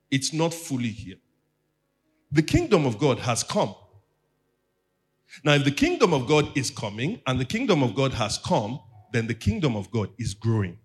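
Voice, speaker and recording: A man's voice: mid-range voice, husky. Male pastor, mid-range voice, preaches a teaching sermon and draws the congregation in. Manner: teaching, asks the congregation to repeat after him. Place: church.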